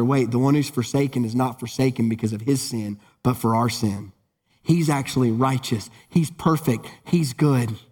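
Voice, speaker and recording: A pastor delivers a sermon, reading and explaining scripture while swinging between urgent, raised lines and low, solemn ones. The recording carries a long hall reverb.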